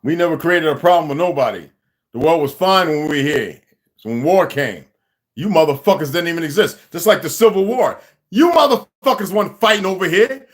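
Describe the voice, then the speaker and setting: A man's voice: fairly high pitch, animated, brisk. A man hosting a livestream, ranting at a viewer in an aggressive, profane, confrontational way. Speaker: livestream host. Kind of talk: angry livestream rant.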